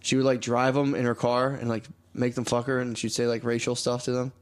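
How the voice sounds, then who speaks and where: A man's voice: medium pitch, level tone, a little fast, clean tone. A man co-hosting a comedy podcast, telling rambling stories with lots of swearing and laughter. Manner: rambling storytelling, heavy swearing, laughs often. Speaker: podcast co-host. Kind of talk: casual comedic chat.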